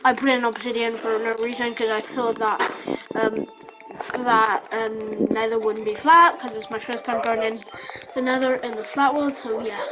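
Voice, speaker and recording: A woman giving casual, rambling gameplay commentary, excitable and giggly with many fillers. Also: a little high, normal speed, music in the background, low-quality recording. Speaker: gameplay vlogger.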